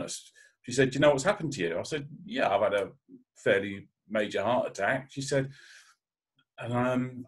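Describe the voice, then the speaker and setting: A man, likely in his thirties, speaking as a guest on a panel, telling a candid personal story with emotion and frequent restarts. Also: lowish voice.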